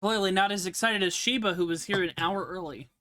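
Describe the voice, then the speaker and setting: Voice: mid-range voice, fairly quick, sharp tone. A playful, teasing game master narrating a streamed tabletop game.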